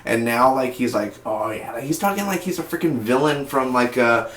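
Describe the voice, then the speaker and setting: Man, casual TV reviewer, rambling and excitable, average pitch, echoey room. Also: a little fast. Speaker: TV review vlogger.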